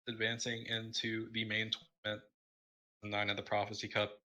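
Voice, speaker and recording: A man casting a gaming tournament stream, tired and halting, with many fillers as he wraps up. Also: lowish voice, completely flat delivery, sharp tone. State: tired, yawning. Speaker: tournament caster. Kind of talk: casual livestream wrap-up.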